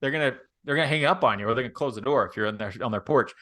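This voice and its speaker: Relaxed, chatty male sales trainer. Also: mid-range voice, very fast. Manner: conversational, repeats himself, animated demonstrations of pushy salespeople. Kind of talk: live training session.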